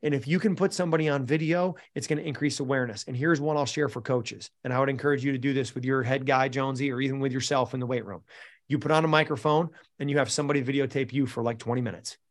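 A man hosting a live group coaching call, telling coaching stories in an energetic, encouraging way. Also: mid-range voice, fast talker. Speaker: mental performance coach, host. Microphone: video call.

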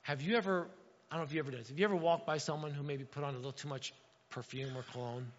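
A male pastor preaching a sermon, animated and talking straight to his congregation, acting out little quotes. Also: on the high side, rapid-fire, a little hiss or hum. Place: church sanctuary. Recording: dull sound with long hall reverb.

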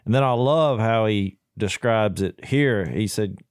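A man's voice: fairly low pitch, unhurried, clear, resonant tone, no echo, studio quality. A man co-hosting a faith podcast, talking thoughtfully and paraphrasing scripture. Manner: thoughtful, with frequent fillers and restarts. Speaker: podcast co-host. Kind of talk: casual faith discussion.

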